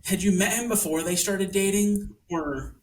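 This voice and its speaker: A man's voice: sits high, moderate pace. A man in his thirties co-hosting a podcast, easygoing in casual chat. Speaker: podcast co-host. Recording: distant mic with faint background noise.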